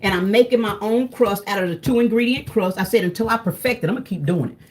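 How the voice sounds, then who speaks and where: A woman talks straight to her viewers while she cooks at home. Her tone is easy and chatty, and she often breaks off to address "y'all" directly. Her pitch sits in an ordinary middle range. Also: fast talker, darkish tone. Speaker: cooking vlogger. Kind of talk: casual cooking vlog chat.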